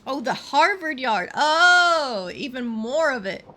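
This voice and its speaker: A woman's voice: high voice, expressive, moderate pace, fairly bright tone, a little hiss or hum. A woman streamer giving playful, chatty commentary while fishing in a game, pleading with the fish. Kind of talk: casual let's-play commentary.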